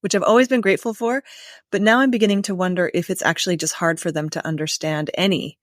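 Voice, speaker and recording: A woman's voice: lowish voice, steady tone, fast talker, no room sound, studio quality. An American woman from the United States hosting a podcast interview, conversational and thinking aloud. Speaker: podcast host.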